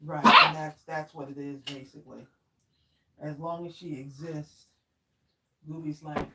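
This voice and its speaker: Slow-talking chatty woman craft host. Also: sits low, fairly even intonation, pushed and bright, slight background noise. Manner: chatty, greets viewers by name, says y'all often. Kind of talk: casual live chat while crafting.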